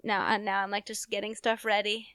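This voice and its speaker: A woman co-hosting a podcast, a mother of a toddler, telling stories in an animated way and laughing often. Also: medium pitch, a little fast, clear, resonant tone, no echo. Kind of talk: casual podcast chat.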